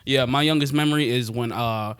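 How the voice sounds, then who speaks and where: A young man on a podcast, casually telling a story in slangy, animated talk and laughing often. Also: medium pitch, brisk, smooth, dry recording, clean studio sound. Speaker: podcast co-host.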